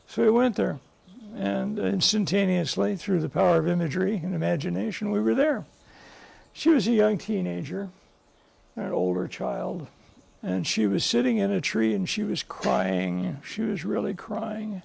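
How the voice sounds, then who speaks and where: A man's voice: sits high, normal speed, creaky, a little mellow, slightly rough. An older male psychologist telling stories to a live group, earnest and emphatic, often restarting his sentences. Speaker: psychologist and guest speaker. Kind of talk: speaking to a live group, storytelling.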